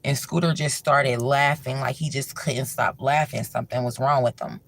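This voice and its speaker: A livestream host telling a horror story in loose, colloquial talk, full of fillers, dropping low and soft for suspense. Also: steady tone, normal speed, gravelly. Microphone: livestream mic.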